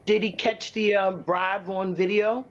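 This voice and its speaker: A man's voice: high-pitched, fairly even intonation, measured pace. A man in casual podcast chat, talking emphatically and repeating his points. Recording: dull lo-fi recording.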